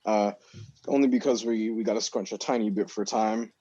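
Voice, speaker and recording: Blunt male podcast co-host with restarts, fairly low voice, muffled dry mic. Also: steady tone, moderate pace, mellow, breathy edge, no room sound. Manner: stammering restarts, blunt and profane. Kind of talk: casual podcast chat.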